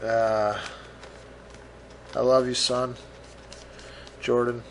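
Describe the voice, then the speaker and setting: A middle-aged man hosts a casual solo podcast, rambling along, swearing freely and poking fun at himself. His voice is medium-pitched and fairly bright, with a level tone and drawn-out words, and there's slight background noise.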